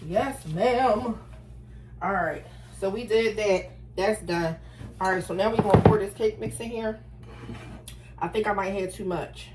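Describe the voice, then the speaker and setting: A woman's voice: medium pitch, moderate pace, low-quality recording. A middle-aged woman with a Philadelphia accent, chatting to her viewers as she bakes in her home kitchen. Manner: talks to viewers as "y'all", animated and self-deprecating. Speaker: home cook filming herself. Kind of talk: casual chatty baking vlog.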